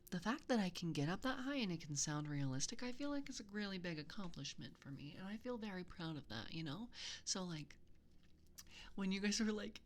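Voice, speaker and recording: A woman streaming as a VTuber, chatting casually with her live viewers, playful, laughing often and swearing freely. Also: mid-range voice.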